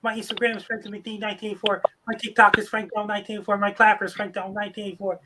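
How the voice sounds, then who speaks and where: A man reels off a weather forecast and his social handles in terse, list-like lines. He speaks fast and nearly flat, over a noisy line full of clicks. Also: sits high. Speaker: weather reporter guest.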